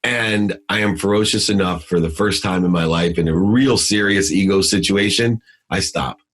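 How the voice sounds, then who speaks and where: A middle-aged man speaks as a podcast guest with a low, husky voice. He tells a motivational story with intensity and emphasis. He swings between loud, forceful lines and hushed ones. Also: moderate pace.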